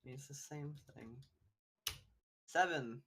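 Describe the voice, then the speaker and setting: A man's voice: medium pitch, slow pace, fairly bright tone, breathy edge. A man playing a tabletop game, enthusiastic and casual, swearing freely. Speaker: player.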